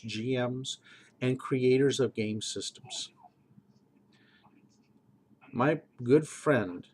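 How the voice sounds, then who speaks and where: A man's voice: medium pitch, slightly rough, rough recording. Earnest middle-aged man giving a pep talk. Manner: earnest, preachy, repeats phrases for emphasis. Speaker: game master. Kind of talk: earnest motivational monologue.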